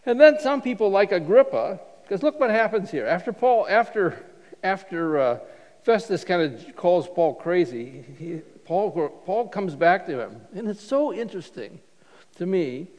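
Male pastor, high voice, loose stop-start sermon delivery, reverberant hall sound. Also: sing-song, darkish tone. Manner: informal, halting delivery with frequent restarts. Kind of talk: conversational sermon.

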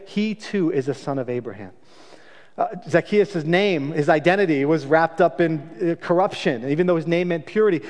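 Male pastor, slightly high voice, animated sermon delivery, big hall echo. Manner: animated storytelling, pace and loudness swinging widely.

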